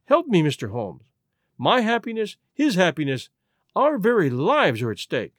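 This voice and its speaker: A man's voice: sits high, huge pitch swings, moderate pace, fairly bright tone, dry recording, studio quality, exaggerated voice. A man reading a story aloud, voicing a desperate young noblewoman who pleads emotionally to save her marriage. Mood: pleading. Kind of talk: audiobook reading.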